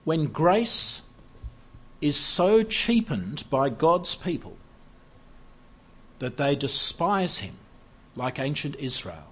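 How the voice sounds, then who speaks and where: A man preaching a sermon in an earnest, measured way, and his voice sits a little high for a man. He builds to emphatic, rising passages. The recording sounds dull and lo-fi. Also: sing-song, a bit bright, slightly rough.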